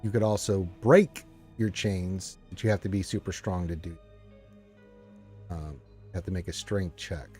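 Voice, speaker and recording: A man's voice: sits low, normal speed, pauses often, darkish tone, slightly rough, faint music behind. A man acting as dungeon master, explaining the rules at length with many ums and uhs. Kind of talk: narrating a tabletop game.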